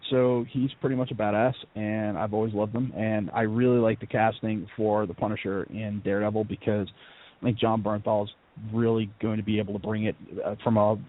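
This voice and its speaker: A man co-hosting a casual talk show, laid-back and wry, joking along. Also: on the low side. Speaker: co-host. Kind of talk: casual radio show chat. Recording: tinny phone-like sound.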